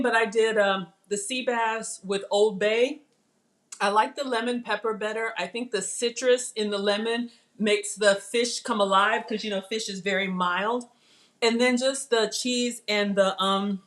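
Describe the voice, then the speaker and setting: A middle-aged woman, chatting excitedly while cooking live and tasting food. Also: on the high side. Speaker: cooking livestream host. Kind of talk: casual live cooking chat.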